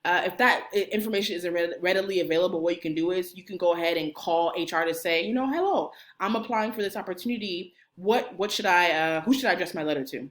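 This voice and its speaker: A woman, a college career services director, coaching viewers through cover letters on camera in an animated, playful way, talking straight to the viewer. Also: fairly low pitch, fast talker, hardly any pauses. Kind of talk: energetic instructional video.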